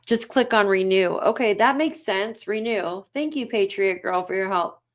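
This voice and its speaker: A woman hosting a livestream in casual chat, reading out comments and laughing often. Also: mid-range voice. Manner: laughs often, giggly and excitable. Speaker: livestream host.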